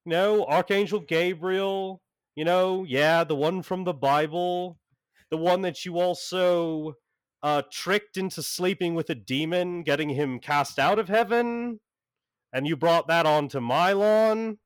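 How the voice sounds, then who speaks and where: Man voicing a sarcastic, exasperated homeowner, pitched well above his own voice. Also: unhurried, clean tone, no echo. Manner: sarcastic, incredulous. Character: sarcastic, fed-up male demon-hunter homeowner.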